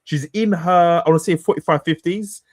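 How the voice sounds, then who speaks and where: A man's voice: a little high, brisk. A man co-hosting a podcast in casual chat, rambling and hesitant, often restarting his sentences, on a studio mic. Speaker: podcast co-host.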